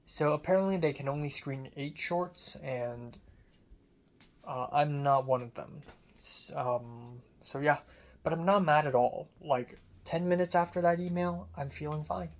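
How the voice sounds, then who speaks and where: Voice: mid-range voice, measured pace. A young film student rambles through a casual video diary. The talk is self-deprecating and loose, with casual swearing mixed in. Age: young adult.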